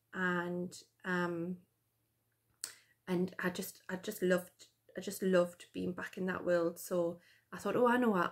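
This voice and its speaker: A woman, chatting casually to her camera in a rambling way, full of fillers and restarts. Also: lowish voice. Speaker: vlogger. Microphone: camera mic.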